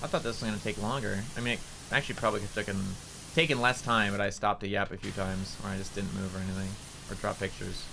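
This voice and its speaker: A man's voice: on the low side, level tone, fast talker, vocal fry, background noise. A young man streaming a game, chatting casually and rambling, with a nasal tone. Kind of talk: casual gameplay commentary.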